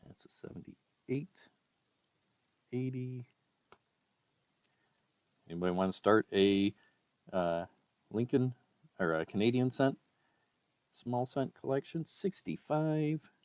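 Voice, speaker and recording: A man vlogging a coin roll hunt, reading out dates one by one in a casual murmur and breaking into excited exclamations. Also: medium pitch, takes it slowly, long pauses, smooth, no room sound. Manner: reads dates aloud one by one, often quietly, with excited exclamations. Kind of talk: casual commentary while sorting coins.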